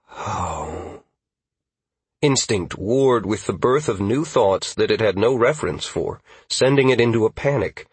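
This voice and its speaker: A man narrating a fantasy audiobook in a steady, even storytelling manner on a close studio mic. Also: mid-range voice, normal speed, hardly any pauses, breathy edge, dry recording.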